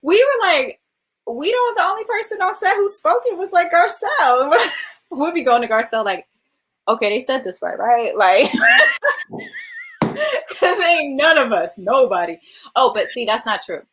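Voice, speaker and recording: Animated Californian woman telling a story. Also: high voice, a little slow. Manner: animated, laughs often, acts out quoted voices. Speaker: film director. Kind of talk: virtual interview storytelling. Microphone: video call.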